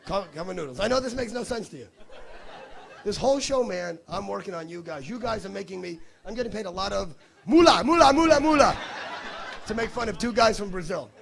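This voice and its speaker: A man's voice: high-pitched, fast, gravelly, a bit bright. A male stand-up comedian doing crowd work on stage, brash and teasing, with profanity. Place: comedy stage before a live audience.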